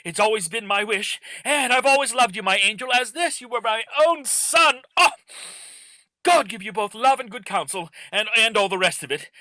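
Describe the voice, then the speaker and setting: A man plays a fussy, effusive older father who gushes in flowery phrases. His voice sits very high and sounds bright and sharp. It is dry and close, as if on a video call. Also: expressive, moderate pace, no room sound, full character voice. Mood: overjoyed. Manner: gushing, flowery, repeats "and all the rest of it". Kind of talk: Zoom play reading. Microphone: computer mic on video call.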